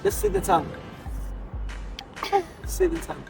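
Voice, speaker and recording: High-voiced South African man hosting. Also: wildly swooping pitch, a little slow, creaky. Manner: playful, teasing, hypes up contestants. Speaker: host of a street challenge show. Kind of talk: casual street challenge hosting. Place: outdoors on a city street. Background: music playing.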